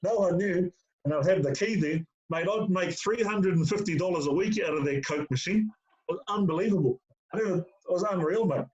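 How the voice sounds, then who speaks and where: A middle-aged ex-player appears as an interview guest, speaking fairly quickly in a high, slightly mellow voice. Filler-laden stories come out in casual conversation, with the host called mate throughout, and the audio is dull and lo-fi.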